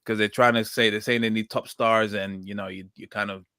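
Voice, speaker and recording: A man's voice: on the low side, fairly even intonation, a little fast, creaky, pushed and bright, clean tone, no echo, studio quality. A man hosting a casual podcast chat and reading comments aloud, rambling and hesitant, restarting his sentences often. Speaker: podcast host.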